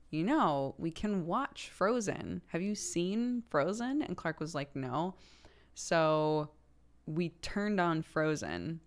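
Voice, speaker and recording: This young adult streamer has a clear, resonant tone as she talks casually with viewers. Frequent laughter breaks up her chatter, and her voice shoots higher when she's excited.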